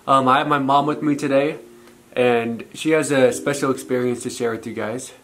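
A man's voice: medium pitch, fairly even intonation, moderate pace, fairly bright tone, slight background noise. A man hosting a faith vlog, speaking in an upbeat, sincere, encouraging way. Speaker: channel host. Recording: faint music behind.

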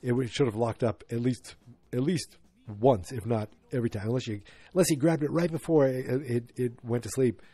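Husky, dark-voiced rambling man. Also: mid-range voice, brisk, no echo. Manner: rambling, many fillers and restarts. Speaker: podcast host. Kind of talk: casual chat.

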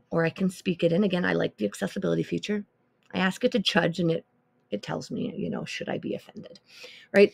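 A woman teacher chatting loosely on a podcast, her voice heavy with gravelly fry and a husky edge. She thinks out loud, full of ums and little asides, and is quick to find things funny. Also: mid-range voice. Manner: chatty, easily amused, thinks aloud with many ums. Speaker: music teacher. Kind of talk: casual podcast demo of teaching tools.

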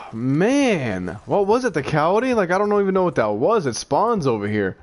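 A young man giving casual gameplay commentary, excitable and quick to rant when things go wrong. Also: on the high side. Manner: excitable, frequent exclamations, frustrated rants. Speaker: gaming YouTuber.

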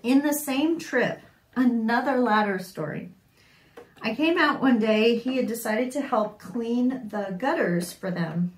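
Woman vlogger, wry storyteller, slow easy delivery, echoey room. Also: fairly high pitch, slight background noise. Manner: wry and animated, often laughing. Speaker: sewing vlogger. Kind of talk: casual storytelling to camera.

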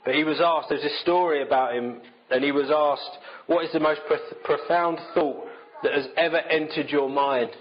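A man's voice: a little high, steady tone, moderate pace. Man preaching, dull lo-fi audio. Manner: conversational, self-deprecating storytelling. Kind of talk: sermon.

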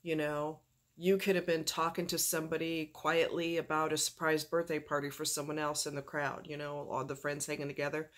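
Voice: mid-range voice, level tone, brisk, fairly bright tone. A vlogger in a casual talking-head video, speaking candidly and emphatically with frequent fillers while in pain from a fractured ankle.

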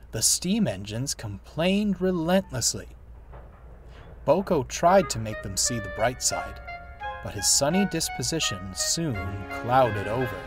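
A man narrating a children's story in an expressive, unhurried way. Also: medium pitch. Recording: background music. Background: music.

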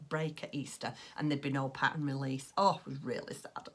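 A woman's voice: deep voice, fairly even intonation, a little fast, few pauses, breathy edge. A woman chatting casually on her craft podcast, rambling along with plenty of ums. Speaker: crochet and knitting podcaster.

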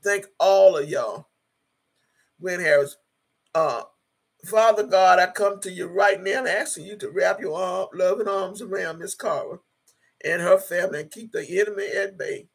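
A woman's voice: on the low side, moderate pace, vocal fry, breathy edge. A woman livestreaming in a casual way, reading viewers' chat comments aloud in a blunt, emphatic manner, swearing freely and switching into prayer. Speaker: YouTube live streamer.

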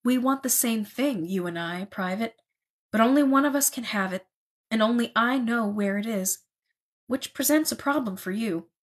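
A woman reading aloud and voicing a gaunt, menacing German sergeant major who taunts slowly. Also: fairly high pitch, lightly acted. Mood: taunting.

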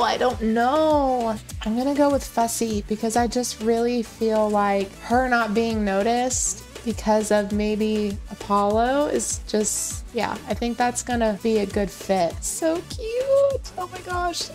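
A woman casually commenting on her life-simulation gameplay, excitable and gushing, with gasps and coos. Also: a little high. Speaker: Sims gameplay host.

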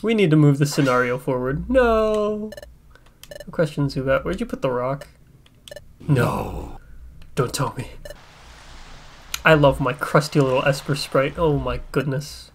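A man giving casual, crude gameplay commentary, joking and swearing and breaking into excited outbursts. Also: fairly high pitch, unhurried, long pauses, slight background noise. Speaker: let's play gamer. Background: faint game soundtrack music.

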